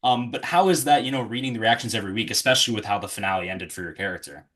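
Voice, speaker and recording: A man's voice: on the low side, rapid-fire, a bit bright. A man interviewing a guest in an easygoing way, asking questions with plenty of fillers. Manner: easygoing, laughs along, hedges with fillers.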